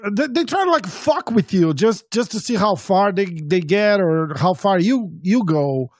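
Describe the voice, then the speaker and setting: A man whose first language is Portuguese hosts a casual, profane chat, eagerly throwing out halting questions. His voice sits quite high. The recording is close and dry. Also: lively intonation, darkish tone, dry recording. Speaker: podcast host.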